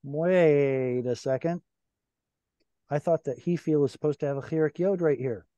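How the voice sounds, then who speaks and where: A man teaching an online class, his voice dark and mellow with a dry, close sound. He explains patiently and keeps quizzing his students. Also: on the high side, normal speed, no room sound, muffled recording. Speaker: Hebrew teacher. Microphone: video call.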